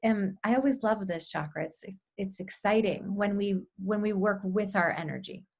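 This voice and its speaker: A woman in a mid-range voice co-hosts a spiritual workshop over a video call. She talks gently and invitingly, with the odd filler. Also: mid-range voice, moderate pace, creaky. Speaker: workshop co-host. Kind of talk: casual spiritual workshop talk.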